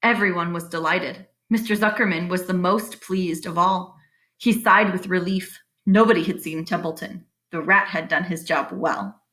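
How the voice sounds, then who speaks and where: Lady reading a kids' chapter book out loud, expressive, explains bits to the kids. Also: fairly low pitch. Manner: expressive, pauses to explain to young listeners. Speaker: reader of a children's book.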